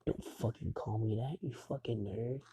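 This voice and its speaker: A hot-tempered teenage bully snarls and curses, as a man puts him on. The voice is very dark and husky. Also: medium pitch, normal speed. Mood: angry. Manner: snarling, cursing. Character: hot-tempered, foul-mouthed teen boy bully.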